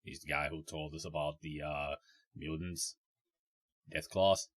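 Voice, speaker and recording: A man's voice: rumbling low, fairly even intonation, measured pace. A man casually commenting on a game he plays, chatting to his viewers and reading the dialogue aloud. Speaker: let's play host.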